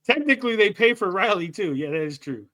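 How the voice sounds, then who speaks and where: A man hosting a live stream, ranting in casual banter and mocking people with quick impressions. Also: high-pitched, big pitch swings, a loud crowd. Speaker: stream host.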